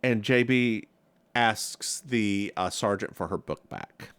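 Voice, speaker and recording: A man's voice: fairly low pitch, slow, fairly bright tone, clear, resonant tone. A man co-hosting a podcast, recapping a TV episode in a campy, gossipy chat. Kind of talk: casual chat.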